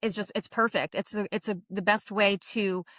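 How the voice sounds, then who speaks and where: A woman's voice: mid-range voice, fairly even intonation, normal speed, fairly bright tone, no room sound. Chatty woman hosting a podcast. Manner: chatty, enthusiastic, laughs at herself. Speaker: podcast host. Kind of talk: podcast intro monologue.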